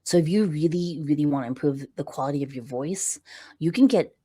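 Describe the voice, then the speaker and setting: A middle-aged woman guest on a podcast, explaining voice and breathing in an animated, conversational way with frequent check-ins. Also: sits low, brisk, slightly rough. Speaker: podcast guest, visibility coach. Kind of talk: conversational interview.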